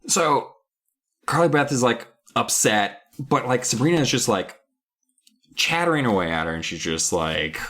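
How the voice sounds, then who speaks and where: A man's voice: mid-range voice, expressive, moderate pace, fairly bright tone. A man co-hosting a podcast, casually recapping a book in a rambling way, full of 'like'. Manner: rambling, heavy use of 'like'. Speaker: podcast co-host.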